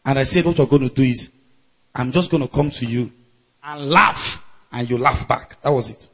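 A man preaching a sermon to a live congregation, laughing out loud and shouting chanted refrains. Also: mid-range voice, normal speed, breathy edge.

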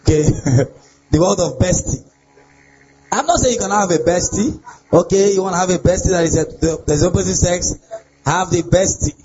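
A young adult man, a pastor, preaching a lively sermon on relationships and often asking his listeners if they get the point. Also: high voice, normal speed, a little hiss or hum. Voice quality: animated preaching with laughs and repeated rhetorical questions. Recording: dull lo-fi sound with faint ambience.

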